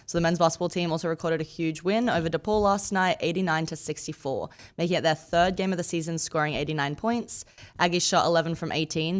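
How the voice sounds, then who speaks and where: A woman with a lowish voice delivering a radio sports news segment. She reads off scores and statistics in a brisk, steady rundown. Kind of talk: reading sports results on radio.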